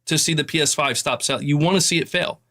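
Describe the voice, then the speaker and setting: A man's voice: on the high side, fast talker, bright, forceful tone. A man in a played clip giving opinionated gaming commentary, earnest and emphatic, lecturing his viewers.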